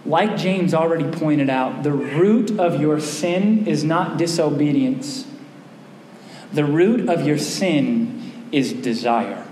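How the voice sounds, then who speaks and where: A man preaching a sermon as pastor, conversational and animated, often asking his congregation questions. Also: on the high side, slow. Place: church hall. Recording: roomy church hall echo, faint hum.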